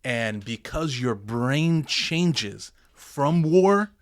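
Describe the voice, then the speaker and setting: A man's voice: mid-range voice, animated, extremely slow, dry recording. A man, a pastor and military veteran, telling his story in a candid podcast interview with earnest emphasis.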